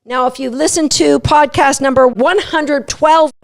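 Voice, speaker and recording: High, gravelly woman coaching dog trainers. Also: measured pace. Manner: animated, emphatic, playful. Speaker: dog agility trainer and podcast host. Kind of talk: instructional podcast talk.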